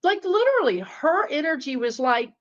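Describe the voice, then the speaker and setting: A woman's voice: sits high, sing-song, moderate pace, highs cut off. A woman spiritual teacher telling a story casually to her viewers, talking to them directly. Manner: chatty, talks to viewers directly.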